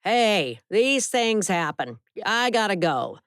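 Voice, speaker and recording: A woman's voice: medium pitch, sing-song, takes it slowly, fairly bright tone, clean tone, dry recording, clean studio sound, voice pushed up, full character voice. A woman doing a brash, crooked scheming man. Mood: dismissive. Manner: brash, blustering. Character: crooked scheming man, land-grabbing neighbor.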